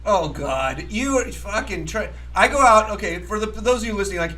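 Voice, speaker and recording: A man's voice: sits high, lively intonation, fairly quick, bright, forceful tone, low-quality recording. A man hosting a poker talk show, rambling and profane, arguing emphatically and laughing often. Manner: emphatic, argumentative. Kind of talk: casual chat.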